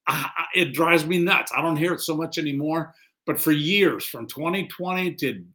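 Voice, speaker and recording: A man's voice: fairly high pitch, normal speed, pushed and bright. A middle-aged man preaching a conversational sermon as a pastor, acting out quoted lines.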